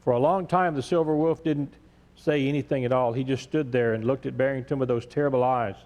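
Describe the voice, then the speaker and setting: A male pastor reading a story aloud in a church sermon, gentle and measured. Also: medium pitch. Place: large church sanctuary. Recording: echoey church sanctuary.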